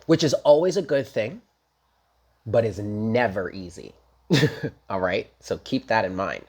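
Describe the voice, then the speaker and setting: Husky-voiced chatty tarot reader. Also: medium pitch, lively intonation, a little slow, darkish tone. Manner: chatty, emphatic, blunt with casual swearing; talks straight to viewers. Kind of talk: casual daily tarot reading.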